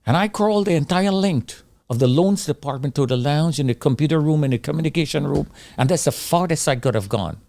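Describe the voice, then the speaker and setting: A middle-aged man giving an intense personal testimony of surviving a disaster, acting out his own pleas and the shouts he heard. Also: a little high, animated, a little fast, vocal fry, hardly any pauses. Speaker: survivor telling his story.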